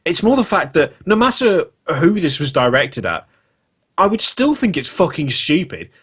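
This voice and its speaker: A man's voice: fairly high pitch, sing-song, moderate pace, fairly bright tone, breathy edge. A man hosting a casual podcast chat, ranting in disbelief with lots of swearing. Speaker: podcast host.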